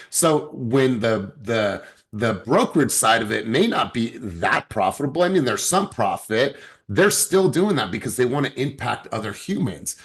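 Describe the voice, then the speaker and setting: A man, a sales director and coach, giving an emphatic motivational talk to his team and repeating words as he starts sentences. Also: medium pitch.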